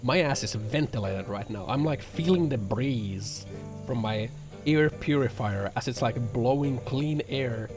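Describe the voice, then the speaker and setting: Background music plays as a man casually chats with his stream viewers from his apartment, responding to their comments. He rambles sarcastically and profanely, full of fillers, in a medium-pitched voice that runs a little slow.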